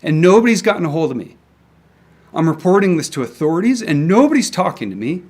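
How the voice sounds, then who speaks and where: Young man, angry solo rant, swearing, stumbling restarts, slightly high voice. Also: sing-song, fast talker, darkish tone. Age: young adult. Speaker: independent crypto commentator. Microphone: camera mic.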